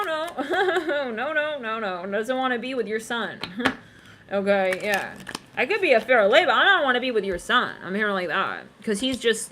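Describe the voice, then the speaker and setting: A woman's voice: high-pitched, pushed and bright, slight background noise. A woman doing a casual psychic tarot reading, rambling and chatty, talking straight to her viewers and humming snippets of song. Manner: rambling, laughs often, breaks into snippets of song; chatty, addresses viewers directly. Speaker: tarot reader.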